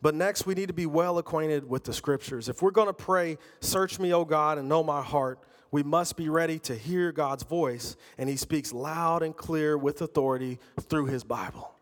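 A man's voice: fairly high pitch, moderate pace, hardly any pauses, long reverb tail. A middle-aged man preaching a sermon, talking conversationally and telling personal stories. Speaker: pastor.

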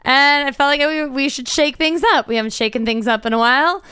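A woman's voice: sits high, fairly quick, bright, forceful tone, no echo, clean studio sound. A young adult woman co-hosting a podcast in casual, playful, self-mocking chat. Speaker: podcast co-host.

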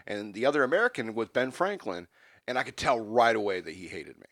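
A man on a comedy podcast telling an absurd made-up story in a deadpan, rambling way, breaking into loud rants. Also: on the low side, brisk, no echo, clean studio sound.

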